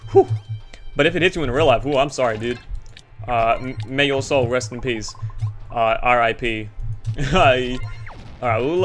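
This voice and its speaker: Over faint game music, a young Australian gaming YouTuber delivers rambling, goofy, self-deprecating commentary. His voice is medium-pitched with a fairly bright tone.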